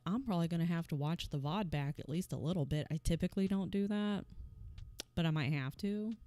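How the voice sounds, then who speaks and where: A young woman streamer chatting casually at her home setup, soft-spoken and full of "like" and little laughs. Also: low voice, dry recording. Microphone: desk microphone.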